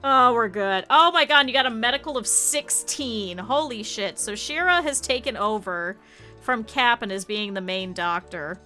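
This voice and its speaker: A woman's voice: medium pitch, lively intonation, measured pace, sharp tone, faint music behind. A woman streamer giving live gameplay commentary, chatty, laughing often and talking to her game characters and chat.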